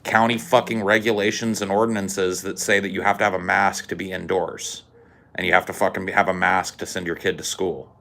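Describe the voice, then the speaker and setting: A man on a podcast ranting angrily and sarcastically, swearing constantly and getting louder and more heated. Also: low-pitched, little pitch movement, fairly quick, creaky. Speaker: podcast co-host. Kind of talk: profane podcast rant.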